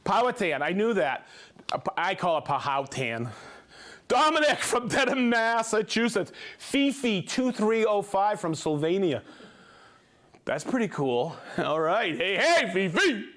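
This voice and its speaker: A male host on a live stream runs through viewer shout-outs with plenty of energy. His voice sits high and swings widely in pitch, and he sounds excited throughout. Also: measured pace. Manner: upbeat, excited, calls out viewer names. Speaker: livestream host.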